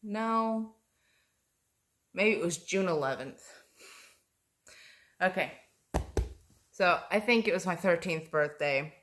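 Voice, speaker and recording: A woman's voice: on the low side, unhurried, pauses often, a bit bright. A woman vlogger telling a personal story in a rambling, hesitant way, full of ums and self-corrections, and calling herself an amateur.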